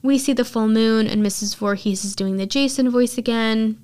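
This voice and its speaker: A woman's voice: fairly high pitch, normal speed, a little mellow. A woman podcast host casually retelling a film's plot in chatty storytelling full of filler words.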